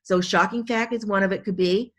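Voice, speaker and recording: A woman's voice: medium pitch, fairly even intonation, brisk, a bit bright. Enthusiastic woman coaching in a webinar. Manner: enthusiastic, repetitive, conversational coaching. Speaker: speaking coach. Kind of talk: webinar teaching.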